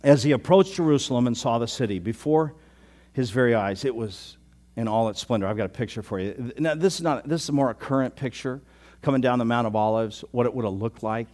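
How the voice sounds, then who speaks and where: A man's voice: medium pitch, a little fast, darkish tone. Conversational middle-aged male pastor preaching. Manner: conversational, self-deprecating, rising to emphatic preaching. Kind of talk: sermon.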